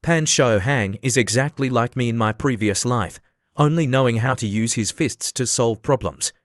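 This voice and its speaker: A man narrating an anime story recap in a steady, even, scripted delivery. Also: mid-range voice, normal speed, no room sound, studio quality.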